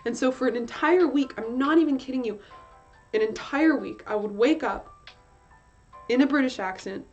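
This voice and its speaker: A woman's voice: high-pitched, moderate pace, darkish tone. Rambling young woman streamer, giggly. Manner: rambling, giggly, swears casually, reads chat aloud. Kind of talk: casual chat while working. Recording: slightly dull lo-fi stream audio with faint music. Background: faint music.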